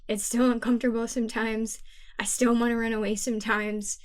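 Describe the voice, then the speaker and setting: A woman's voice: a little high, level tone, a little fast. A woman in her thirties co-hosting a spiritual podcast, speaking in an earnest, emotional and reflective way. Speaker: podcast co-host. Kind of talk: heartfelt spiritual podcast talk.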